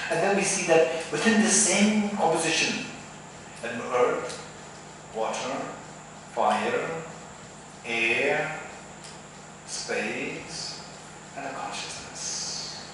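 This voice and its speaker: A man's voice: a little high, drawn-out words, pauses often, recorded from a distance. A male Buddhist teacher explaining philosophy at a retreat, checking in often with "right?" and restarting his phrases. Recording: echoey hall recording from afar, some hiss.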